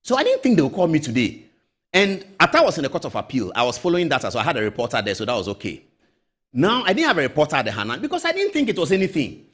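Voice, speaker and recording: A man's voice: on the high side, huge pitch swings, racing, fairly bright tone, breathy edge. A middle-aged Ghanaian man hosting a show, telling stories with heavy emphasis and acting out the voices of other people. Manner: storytelling, acts out voices, emphatic. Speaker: show host. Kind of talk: animated political commentary.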